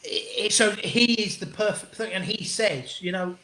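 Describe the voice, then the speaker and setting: A man, a comedian guest telling animated, sweary stories in an interview and acting out what people said. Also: sits high, moderate pace. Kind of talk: storytelling interview chat. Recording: roomy echo.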